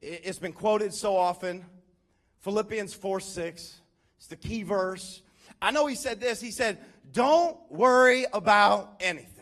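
A male pastor preaching a sermon in a conversational, animated way, calling out questions to his congregation. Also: high voice, measured pace.

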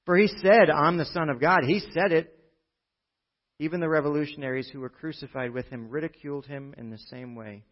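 A man preaching a sermon in a church service, his voice sitting a bit high for a man. He talks to the congregation in a loose, conversational way, tossing in "right?" and swinging from emphatic, louder lines to near-murmured asides. The recording sounds dull and muffled, like lo-fi audio. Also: fairly quick. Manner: conversational, with frequent rhetorical "right?". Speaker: pastor.

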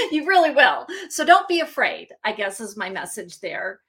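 A woman speaks with a slightly raised pitch in an easygoing podcast conversation. She is earnest and reflective, and she circles back over her own phrases to stress them. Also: big pitch swings, unhurried, pauses often, bright, forceful tone. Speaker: emotions advocate. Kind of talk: casual podcast chat.

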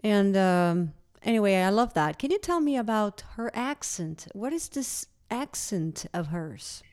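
Curious woman host, warm mellow voice. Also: medium pitch, very animated, a little slow, clear, resonant tone. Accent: non-native English. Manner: curious, enthusiastic questioning. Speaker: interviewer, host. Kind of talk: interview conversation.

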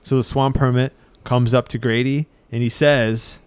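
Smooth-voiced man telling a story. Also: mid-range voice, steady tone, normal speed, no echo. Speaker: storyteller and co-host. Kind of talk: casual storytelling.

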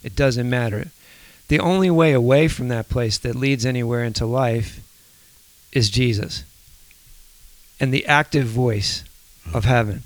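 A man co-hosting a faith podcast, speaking in a soft, reflective, halting way. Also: medium pitch, no room sound. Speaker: podcast co-host.

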